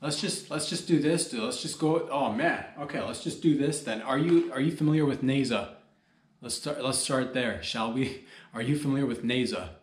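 Man, comedy podcast host, loose rambling jokey delivery, mid-pitched, roomy echo. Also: moderate pace. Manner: rambling, jokey, talks straight to listeners. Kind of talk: rambling solo comedy monologue.

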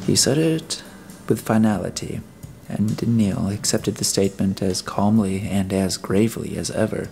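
A male audiobook narrator reads in a measured, even manner. His voice sits low with a gravelly rasp, and soft music plays faintly in the background. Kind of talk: scripted narration.

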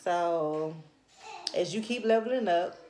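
A woman's voice: lowish voice, slow, darkish tone, echoey room, a little hiss or hum. A woman reading tarot to camera in a blunt, scolding, heavily profane casual manner. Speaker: tarot reader.

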